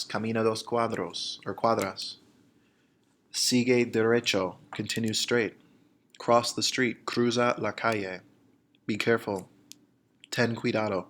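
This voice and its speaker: A man with a fairly low voice, walking students through a recorded lesson. He explains each point step by step in a plain, patient way, and slows down to model the phrases. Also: level tone, a bit bright. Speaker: Spanish teacher.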